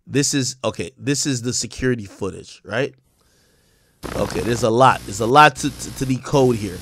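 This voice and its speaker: A man's voice: mid-range voice, moderate pace, a bit bright. A man giving casual explanatory commentary, talking viewers through on-screen footage in an emphatic, slang-heavy, profane way.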